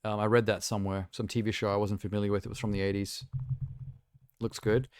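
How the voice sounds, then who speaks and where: A young man hosts a live stream in an easy, rambling chat, full of self-amused asides. His voice sits on the low side and sounds smooth and clear. The sound is close and dry, with almost no room echo. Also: little pitch movement, fast talker, darkish tone. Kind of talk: casual chat while reacting to trailers.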